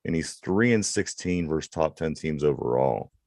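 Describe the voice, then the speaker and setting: A low-voiced Pittsburgh man co-hosting a sports talk show, recorded dry with no room echo. He steers the conversation, reading off numbers and lists and stumbling through a few restarts along the way. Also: animated, moderate pace, darkish tone. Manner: dry, stat-reading, leads topics with hesitant restarts. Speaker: podcast co-host. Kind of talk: casual sports banter.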